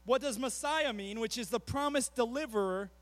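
A man preaching a sermon as a youth pastor, animated, with rapid asides between slow, emphatic phrases. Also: very high voice, dry recording. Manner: animated, acts out quotes in a mocking voice.

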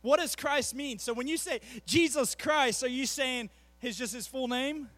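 A man preaching a sermon as a youth pastor, animated, with rapid asides between slow, emphatic phrases. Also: extremely high pitch, no room sound. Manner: animated, acts out quotes in a mocking voice.

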